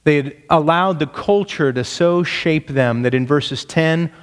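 A man preaching a sermon as pastor. He speaks emphatically, pushes his pitch up to stress points, and asks the congregation rhetorical questions. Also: a little slow, big-room sound.

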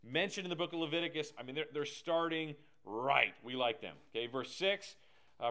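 A man's voice: on the high side, normal speed. A man teaching a casual Bible class with lots of energy, jokes and tangents. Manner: energetic, joking, digressive.

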